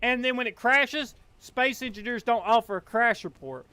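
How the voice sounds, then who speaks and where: A man's voice: very high-pitched, moderate pace, bright, forceful tone, clean tone, dry recording. A young man from Kentucky with a Southern accent, chatting casually while streaming a game, rambling with lots of fillers. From Appalachian Kentucky, US. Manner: rambling, filler-heavy, drawling. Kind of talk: casual gameplay chat.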